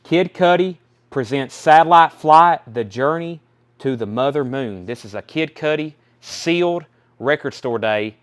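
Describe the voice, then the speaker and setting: A man's voice: on the high side, animated, measured pace, clear, resonant tone. A young man hosting a live record sale stream, chatting casually while he rattles off album titles and prices.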